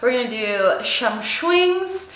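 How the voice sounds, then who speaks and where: Brief: upbeat woman trainer, high bright voice, unhurried, lightly echoey home room. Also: very animated. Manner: bubbly, playful, sing-song greetings. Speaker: fitness instructor. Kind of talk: live workout class instruction. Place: home workout space.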